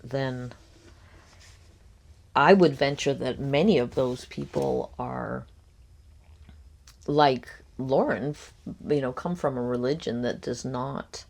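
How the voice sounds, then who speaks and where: A woman with a low voice talks through a reaction commentary, pausing often with ums. She is critical and speculative, weighing each point as she goes. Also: gravelly, darkish tone. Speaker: commentary host. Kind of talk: reaction commentary on a podcast clip.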